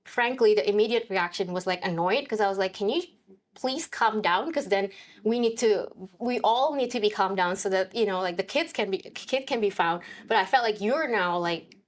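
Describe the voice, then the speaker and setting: A woman speaking in a thoughtful, conversational way on a podcast. She often restarts her sentences and slips into lively quoted speech while recounting a family moment, at an ordinary pitch for a woman. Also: normal speed. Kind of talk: reflective personal conversation.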